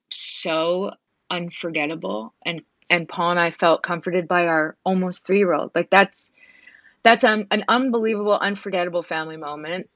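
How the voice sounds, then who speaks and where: A woman in her thirties, a guest in an emotional interview, speaking softly and earnestly with many halting restarts. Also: on the low side, dry recording. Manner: soft and earnest.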